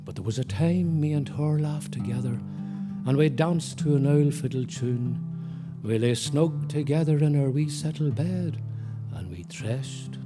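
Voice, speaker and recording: A man's voice: fairly high pitch, a little slow, over music. Tyrone man reciting in broad dialect. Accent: Northern Irish, Tyrone. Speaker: poet and musician guest.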